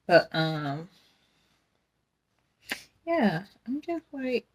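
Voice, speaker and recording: A woman's voice: mid-range voice, a little mellow. A young adult woman, hosting a casual faith podcast in a rambling, candid way and laughing often. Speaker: podcast host.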